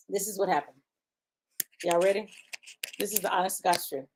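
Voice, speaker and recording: A woman's voice: mid-range voice, brisk, pauses often, a little mellow, slight background noise. A woman hosting a live online talk show, chatting casually and laughing with her viewers. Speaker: host. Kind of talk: casual livestream chat.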